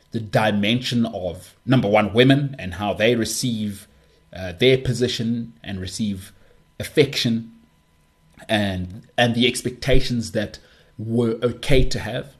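A man talking in a relaxed solo podcast monologue, with a somewhat low voice. He rambles, restarts his sentences and pokes fun at himself as he muses. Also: slow. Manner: rambling, self-deprecating, many restarts. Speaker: podcast host.

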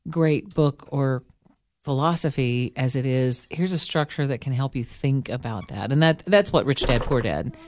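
A woman co-hosting an interview, chatting in an expressive, easygoing way and laughing often. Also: extremely low pitch, moderate pace, no echo. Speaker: podcast co-host. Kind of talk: casual radio interview chat.

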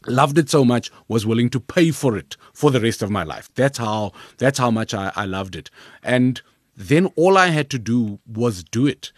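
A man with a South African accent, a comedian telling his story in an interview, lively and rambling, often repeating words as he restarts. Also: medium pitch, moderate pace, dry recording, clean studio sound. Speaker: comedian guest.

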